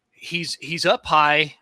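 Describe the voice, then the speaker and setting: A man's voice: on the high side, vocal fry, bright, forceful tone, dry recording. A man hosting a podcast interview, casually relaying a listener's question and asking follow-ups. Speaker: podcast host.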